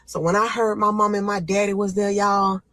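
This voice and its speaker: A young woman tells her own story with heavy drama, jumping into high, strained pleas when she relives the moment. Her voice sits in a middle range. The recording is close and dry. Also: level tone, normal speed, fairly bright tone, dry recording, poor audio. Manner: dramatic, acts out her own panicked screams. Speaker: storyteller guest. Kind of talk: emotional first-person storytelling.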